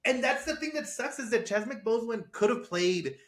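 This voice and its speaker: A man's voice: extremely high pitch, expressive, a little fast, fairly bright tone. A man co-hosting a casual movie review podcast, recapping the plot with lots of laughter and silly quoted lines. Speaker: podcast co-host.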